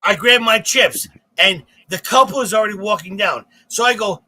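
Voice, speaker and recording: A man co-hosting a comedy podcast, telling a rambling, profane, animated story. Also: high voice, moderate pace, poor audio.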